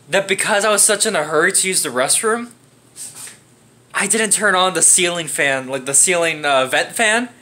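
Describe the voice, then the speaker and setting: Brief: young man, casual storyteller, high and sing-song delivery, dramatic and profane. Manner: animated, profane, dramatic with acted-out grunts.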